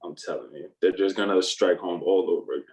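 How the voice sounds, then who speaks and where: A man's voice: sits low, fast, recorded from a distance, rough recording. A young man co-hosting a podcast, chatting casually and emphatically, often repeating himself to drive points home. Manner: emphatic, repeats phrases like "I'm telling you". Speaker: podcast co-host. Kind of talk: casual chat.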